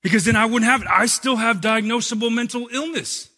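Husky, bright-voiced storytelling pastor. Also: male voice, extremely high pitch, fairly quick. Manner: animated storyteller, humorous then earnest. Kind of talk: sermon.

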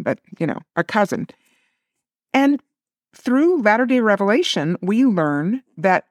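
A woman's voice: fairly low pitch, no room sound, clean studio sound. A woman giving a casual scripture lesson, reading verses aloud and commenting in a conversational way. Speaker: scripture teacher.

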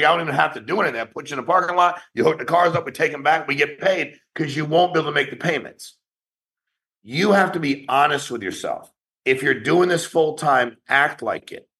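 A company founder gives his sales agents a blunt, profane pep talk in an online meeting, firing off challenges rapidly. His voice sits on the high side, bright and forceful in tone.

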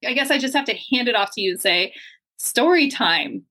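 Upbeat, effusive woman host; slightly raised pitch, chatty delivery. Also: rapid-fire, pushed and bright. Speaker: podcast host. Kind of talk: enthusiastic interview intro. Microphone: video call.

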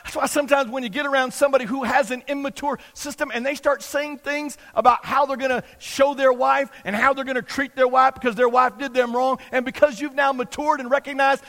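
A man delivers an emphatic sermon in a very high voice, hammering points home through repetition. His words ring out with a long reverb from a large hall. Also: steady tone, a little fast, hardly any pauses, fairly bright tone. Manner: repetitive, emphatic preaching with acted-out quotes. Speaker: pastor.

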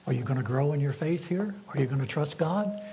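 A man, a pastor, preaching a sermon in a measured way and putting rhetorical questions to his congregation. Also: on the high side, animated, mellow, rough recording.

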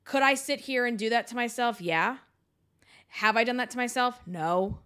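A woman's voice: fairly high pitch, normal speed, bright, forceful tone, clear, resonant tone. A woman in her thirties hosting a podcast, venting frankly and with profanity straight to her listeners. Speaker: podcast host. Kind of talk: venting solo podcast talk.

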